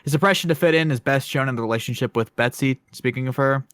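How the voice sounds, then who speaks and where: A man's voice: mid-range voice, fast, fairly bright tone, smooth, dry recording. A man co-hosting a podcast, rambling through a film review with many fillers and self-conscious asides. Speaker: podcast co-host.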